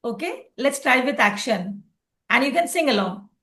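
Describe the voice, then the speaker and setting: High-voiced woman teaching phonics. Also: expressive, moderate pace, loud music behind the voice. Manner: explains patiently, often checking with "okay". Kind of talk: online tutoring lesson.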